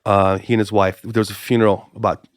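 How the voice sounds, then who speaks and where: A middle-aged man from Hawaii who works as a pastor speaks as a podcast guest, in a lowish voice recorded close and dry. He tells stories in an animated way, stumbling into quick restarts and repeating his phrases for emphasis. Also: dry recording. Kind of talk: conversational storytelling interview.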